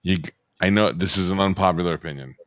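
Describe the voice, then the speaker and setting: Low-voiced guy cohosting, blunt sarcastic swearing, dry close sound. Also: fast, a bit bright, dry recording. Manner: blunt, sardonic, swears freely. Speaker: podcast co-host. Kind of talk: casual profane chat.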